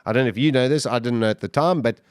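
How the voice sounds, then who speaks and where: Animated man telling a survival story. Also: medium pitch, rapid-fire, clean tone, dry recording, clean studio sound. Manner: animated, with frequent restarts and sudden surges of emphasis. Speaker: podcast guest. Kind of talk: dramatic first-person storytelling.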